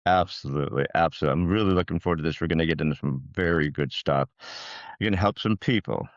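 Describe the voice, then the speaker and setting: A man's voice: very deep voice, fast, dry recording, muffled recording. A man hosting a podcast, introducing his guest in an upbeat, chatty way. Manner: upbeat and enthusiastic. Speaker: podcast host. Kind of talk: casual interview chat.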